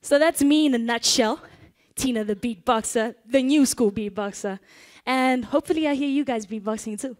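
Woman beatboxer, slightly high voice, playful, upbeat, live stage demo. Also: normal speed, hardly any pauses, darkish tone. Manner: playful, upbeat, laughs often. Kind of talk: live stage demo with audience call-and-response. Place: conference stage before an audience.

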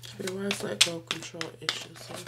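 Woman tarot reader, casual and slangy, lower voice, noise behind her. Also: fairly even intonation, fast talker. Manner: laughs often, chatty, slangy.

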